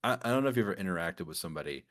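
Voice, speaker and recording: Man with a lower voice telling a story among friends, animated and laughing often. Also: rapid-fire. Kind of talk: casual chat.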